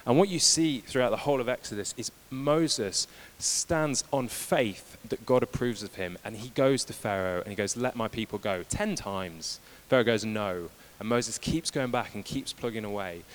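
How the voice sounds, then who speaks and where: A man preaching a sermon who retells scripture as lively, casual dialogue. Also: medium pitch, normal speed, hardly any pauses.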